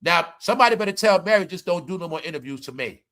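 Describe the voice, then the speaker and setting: A man delivering loud, profane celebrity commentary, scolding his viewers and hammering the same points over and over. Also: high-pitched, lively intonation, fast talker. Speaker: commentary vlogger.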